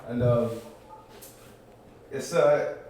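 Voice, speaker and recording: A man's voice: medium pitch, drawn-out words, dark tone. Distant man explaining, roomy echo. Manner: affirming, answers "yes, sir" and "come on". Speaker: student. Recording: echoey room from a distance, faint noise.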